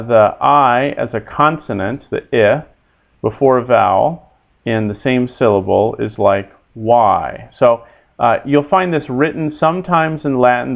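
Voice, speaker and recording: A man teaching a recorded Latin pronunciation lesson, speaking haltingly with many fillers and repeating each word for students to echo. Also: medium pitch, gravelly, lo-fi sound.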